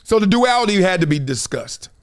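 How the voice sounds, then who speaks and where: A man hosting a live stream, talking in an animated, emphatic storytelling way. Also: high voice, fairly quick, smooth. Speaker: show host.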